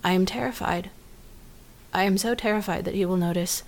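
A woman's voice: medium pitch, a little fast, natural voice. A woman playing the dramatic, emotional side of a young woman's mind in a comedy sketch, talking in a breathless, swooning way. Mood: earnest.

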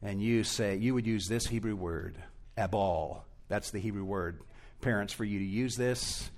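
A man's voice: on the low side, normal speed. A male pastor preaching an expository sermon in a church, earnest and emphatic, rising and falling in intensity.

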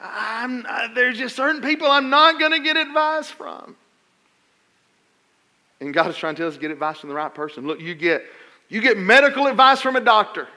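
Preacher guy, middle-aged, high bright voice, funny stories, gets loud then drops quiet. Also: lively intonation, normal speed. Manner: storytelling, swings between loud emphasis and quiet asides. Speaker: pastor. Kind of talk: sermon with humorous stories.

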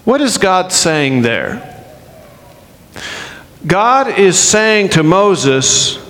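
Male preacher, slightly high voice, unhurried and emphatic, sermon in a reverberant hall. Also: big pitch swings, a bit bright. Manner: slow, emphatic delivery with acted-out quotes.

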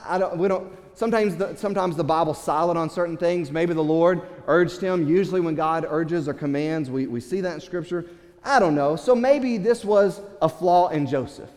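A pastor preaching a sermon, retelling a story in an animated way with chuckles and stumbles over repeated words. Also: male voice, sits high, moderate pace. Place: church. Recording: long hall reverb.

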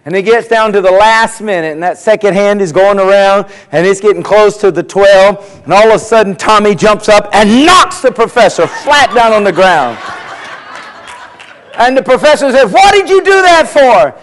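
A man's voice: sits high, moderate pace, hardly any pauses, a bit bright. A man preaching a sermon, telling folksy jokes and acting out the voices in them. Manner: folksy storytelling, acts out voices in his jokes. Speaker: pastor. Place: church sanctuary. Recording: long hall reverb.

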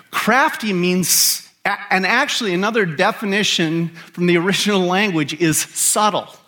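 Male pastor, sermon delivery, slow and deliberate, emphatic with rhetorical questions. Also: on the high side, pushed and bright.

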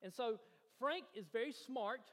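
A male pastor, his voice sitting high and carrying, preaches to his congregation. He tells a personal story and builds to eager emphasis. The long reverb of a church hall trails after every phrase. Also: measured pace, a bit bright. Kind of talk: sermon. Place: church sanctuary.

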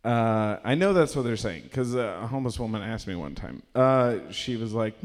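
Brief: male stand-up comic with an awkward, stammering delivery, mid-pitched voice, live in a reverberant room. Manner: awkward, halting delivery with many fillers; shrieking impressions of strangers. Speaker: stand-up comedian. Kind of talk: stand-up set. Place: small performance space with a live audience.

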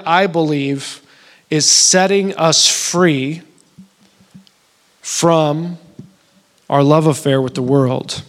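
A married man preaching a sermon, telling a dream in a conversational way and rising into emotional, pleading emphasis. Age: adult, married. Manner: emotional, builds to pleading high-pitched emphasis; conversational storytelling with restarts. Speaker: pastor.

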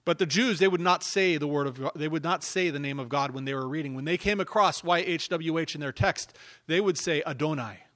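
Higher-voiced male preacher, hushed then loud. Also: a little fast. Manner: emphatic preaching, swinging between hushed and loud. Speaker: pastor. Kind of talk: sermon.

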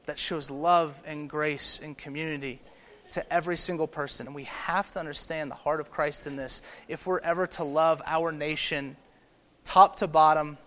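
A man in his thirties, a pastor giving a sermon in a casual, animated way, often checking in with "okay?" and "right?". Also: fairly high pitch, big-room sound. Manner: conversational, animated, tag questions like "okay?" and "right?".

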